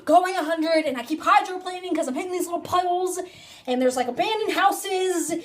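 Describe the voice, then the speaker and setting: Chatty young woman vlogger, high voice, phone-recorded storytime. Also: fairly quick. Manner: chatty, rambling, filler-heavy "like". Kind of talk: casual storytime.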